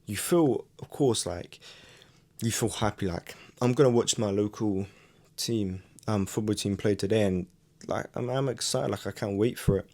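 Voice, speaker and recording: A man's voice: on the low side, normal speed, dark tone. A young man in a casual, reflective vlog monologue, speaking earnestly with frequent "like" fillers and restarts. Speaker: YouTuber.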